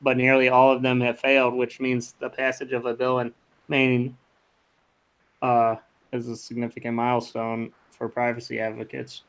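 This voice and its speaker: A man's voice: medium pitch, completely flat delivery, moderate pace, fairly bright tone, smooth. A man co-hosting a casual tech podcast, reading news items aloud in a profane, offhand way.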